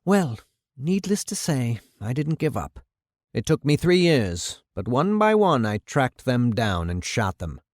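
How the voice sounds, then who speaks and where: A man's voice: mid-range voice, very animated, a little slow, no room sound, studio quality. A man reading the part of a bitter, vengeful older man who recounts his killings in a grim, matter-of-fact way. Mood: grim, boastful. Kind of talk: dramatic reading of a radio play.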